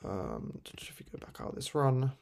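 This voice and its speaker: A young man walking through a software tutorial on screen in a loose, chatty way, full of fillers and tag questions. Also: medium pitch, huge pitch swings, moderate pace, vocal fry. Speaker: tutorial host. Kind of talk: casual screen-recorded tutorial.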